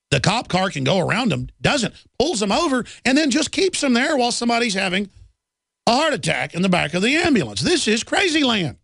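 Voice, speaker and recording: A man's voice: high-pitched, creaky, a bit bright, dry recording, studio quality. A man hosting a live talk radio show, ranting indignantly about the news and often restarting and repeating words.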